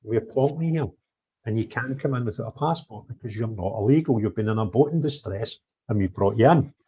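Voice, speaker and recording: A man telling of his travels in an animated livestream chat, blunt, swinging between loud outbursts and low mutters. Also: fairly quick, husky. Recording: dull lo-fi stream audio.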